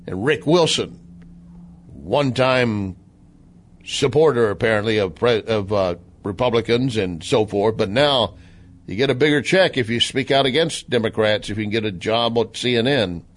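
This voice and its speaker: A man from the American South with a Southern accent, hosting a talk radio monologue, sarcastic and animated as he retells and mimics what others said. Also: on the low side, moderate pace. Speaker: radio commentary host.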